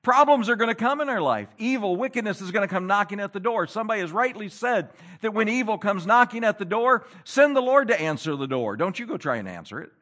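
Lively high-voiced male preacher. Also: fast, few pauses. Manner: dramatic swings between loud emphasis and low hushed lines; reads scripture in old-fashioned wording. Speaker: pastor. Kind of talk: sermon.

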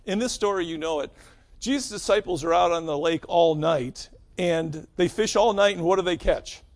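A pastor from northeastern Pennsylvania preaching a sermon in a casual, conversational way, asking the congregation questions and stressing key words. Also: male voice, on the high side, normal speed.

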